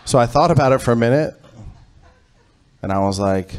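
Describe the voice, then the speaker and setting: A man's voice: medium pitch, fairly quick, pauses often, smooth. Man doing a stand-up comedy set. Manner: storytelling, builds to loud animated punchlines. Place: comedy club stage.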